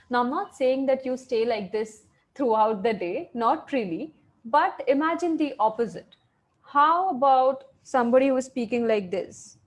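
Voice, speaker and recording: A woman teaching an online class for children, animated, quizzing the class and praising their answers over a video call. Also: high-pitched.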